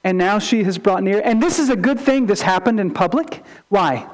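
A male pastor preaching a sermon, animated, acting out quotes and asking rhetorical questions. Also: sits high, normal speed, rough recording.

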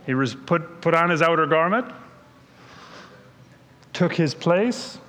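A man with a fairly high voice leads a question-and-answer review of a Bible story, conversational and explaining as he goes. The sound carries a long reverb from a hall. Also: lively intonation, takes it slowly, a bit bright. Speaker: Bible teacher.

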